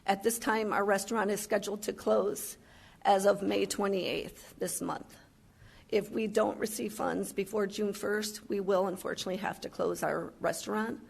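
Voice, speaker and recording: A woman from Chicago who owns a restaurant, speaking emotionally and earnestly at a county meeting, halting often with fillers. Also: mid-range voice, steady tone, gravelly, husky. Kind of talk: public comment at a county meeting.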